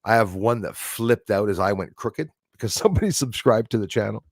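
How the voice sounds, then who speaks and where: A man's voice: fairly low pitch, lively intonation, a little fast, no room sound, clean studio sound. A man hosting a casual livestream, reading viewer comments aloud, chuckling often and rambling between topics. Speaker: livestream host.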